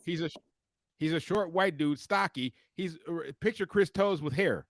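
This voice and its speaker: A man with a fairly high voice tells a story as a heated, profane rant on a casual podcast. His delivery is animated and full of cussing. The sound is dry and close. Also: moderate pace, dry recording. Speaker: podcast co-host.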